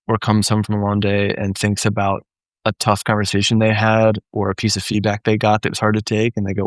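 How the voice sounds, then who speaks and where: Male therapist-trainer, slightly low gravelly voice, chatty teaching style that keeps asking "right?". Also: level tone, a little fast, no room sound. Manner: conversational, often checks in with "right?". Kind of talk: live Q&A teaching.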